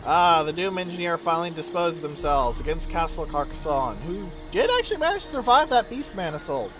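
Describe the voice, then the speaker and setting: A man with a high, very lively voice narrates his strategy game in a chatty let's-play style. He swears casually and reacts to each turn as it comes. Clear music runs behind him. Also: a little fast. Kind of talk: gameplay commentary.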